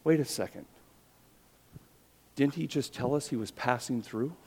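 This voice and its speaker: Male pastor, mid-pitched, storytelling sermon delivery with hushed emphasis. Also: measured pace, slightly rough. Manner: storytelling, drops quiet for emphasis, rhetorical questions.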